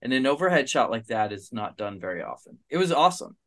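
A man's voice: medium pitch, big pitch swings, fast talker. Enthusiastic male filmmaker guest. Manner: enthusiastic, analytical about shots. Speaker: guest co-host, documentary filmmaker. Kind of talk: casual podcast chat.

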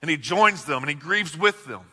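A man's voice: on the high side, expressive, moderate pace, pushed and bright, breathy edge. Male pastor, sermon delivery, earnest with big volume swings; long reverb of a large hall. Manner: earnest preaching with swells and drops in volume.

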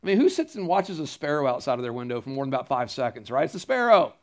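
A man's voice: medium pitch, very animated, fast. A male pastor preaching a sermon, earnest and emphatic, repeating key phrases and turning to the congregation with casual asides.

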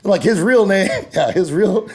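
A man co-hosting a comedy podcast who tells a story in a casual, animated way, laughing and restarting as he goes. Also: high voice, a little slow, breathy edge. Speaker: podcast co-host.

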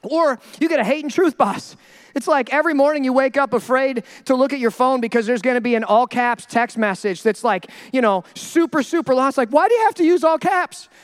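Pastor guy preaching, kinda high voice, keeps doing little voices of people. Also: brisk, smooth. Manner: animated, acts out quoted voices. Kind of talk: sermon.

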